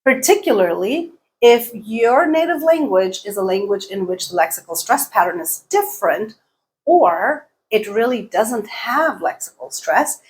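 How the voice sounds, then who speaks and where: A woman presenting an English language lesson to learners, speaking clearly and deliberately and leaning on key words. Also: mid-range voice, expressive. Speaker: English teacher.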